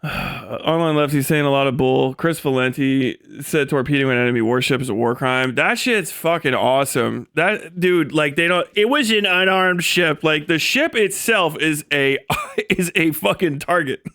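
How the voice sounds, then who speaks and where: A man's voice: on the high side, animated, moderate pace, sharp tone. A man streamer ranting live, profane and mocking, often breaking into laughter as he riffs and acts out quoted voices. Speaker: livestreamer. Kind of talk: live stream commentary rant.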